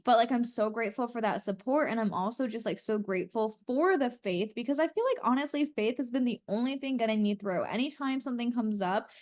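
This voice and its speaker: A woman's voice: fairly high pitch, animated, a little fast, few pauses, a little mellow. A young woman co-hosting a podcast in person, talking candidly and earnestly, with lots of "like" and casual swearing. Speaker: podcast co-host. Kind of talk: casual chat. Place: in person with co-host.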